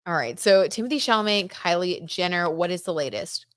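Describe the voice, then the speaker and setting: This livestream host, a tarot reader, talks about gossip at a brisk pace in a low-leaning, animated, slightly bright voice. She chats casually and reads out viewer comments with plenty of "like" and "um," and the clean studio sound has no room sound.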